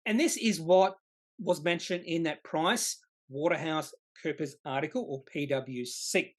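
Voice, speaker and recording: Investing explainer host, emphatic, repeats key words, self-corrects, mid-pitched voice. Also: unhurried. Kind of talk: slide-based explainer lesson.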